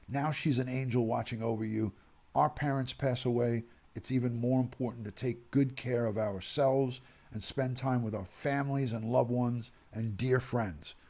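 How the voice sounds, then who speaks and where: A grieving middle-aged man from the United States, soft-spoken and near tears as he reads viewer messages on a livestream. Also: medium pitch, creaky. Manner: soft-spoken, emotional, pauses and sighs. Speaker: streamer reading viewer messages. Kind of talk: emotional livestream reading.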